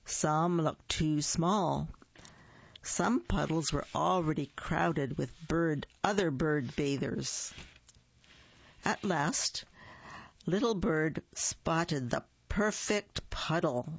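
A storyteller reads a picture book aloud at an unhurried pace, acting out the sound words with expression. The voice has a gravelly edge. The recording is dull, lo-fi and dry. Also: medium pitch, lively intonation, no room sound.

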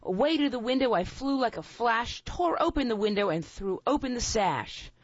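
A woman recites a holiday poem at a steady pace. The sound is dry and slightly dull, with no room around it. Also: on the high side, normal speed, no room sound. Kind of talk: reading poem aloud.

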